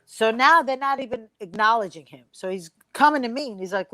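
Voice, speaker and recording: Woman comic, high voice, brash profane storyteller, dry close mic. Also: animated, fairly quick, bright, forceful tone, no echo. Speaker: comedian guest. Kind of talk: storytelling round-table chat.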